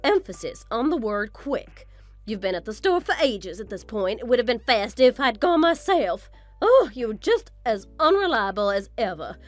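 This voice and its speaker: A woman's voice: on the high side, big pitch swings, moderate pace, soft background music. A woman playing a vain, belittling middle-aged mother-in-law in a text-story drama. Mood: scolding. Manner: haughty, belittling, self-admiring.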